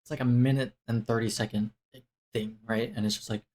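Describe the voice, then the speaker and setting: A young vlogger gives a casual life update to the camera, rambling and cutting himself off with many fillers and restarts. His medium-pitched, darkish voice moves fairly quickly with fairly even intonation.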